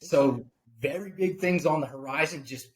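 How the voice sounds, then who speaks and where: Male guest, motivational faith speaker, fired-up and preachy, slightly high voice. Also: normal speed. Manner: preachy, fired-up, repeats phrases. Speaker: podcast guest.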